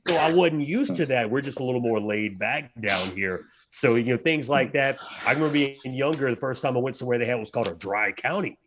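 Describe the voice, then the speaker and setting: A man, speaking at a middle pitch as a fight announcer guest on a podcast. He tells stories in an animated way, acting out other people's lines in a raised voice. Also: a little fast, few pauses, a crowd in the background. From South Louisiana. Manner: animated storyteller, acts out dialogue in a raised voice. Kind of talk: casual podcast chat, storytelling.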